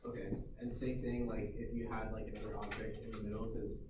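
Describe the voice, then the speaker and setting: A man's voice: on the low side, little pitch movement, fairly quick, dull audio. A male student asking hesitant questions in class. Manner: hesitant, uses many fillers. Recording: distant echoey classroom audio with noise.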